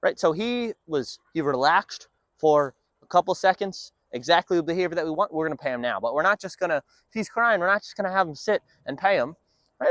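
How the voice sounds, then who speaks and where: A man's voice: on the high side, big pitch swings, brisk, a bit bright, no echo. A man working as a dog trainer, explaining his training session in an upbeat way between short firm commands to a dog.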